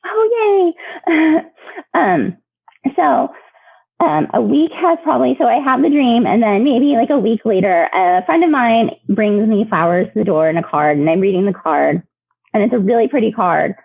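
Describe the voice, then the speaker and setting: A woman guest sharing personal stories in a lively, chatty way, with many fillers and laughs, heard over a remote call. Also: on the high side, moderate pace, creaky, husky, no room sound. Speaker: podcast guest. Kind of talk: emotional storytelling. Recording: tinny phone line.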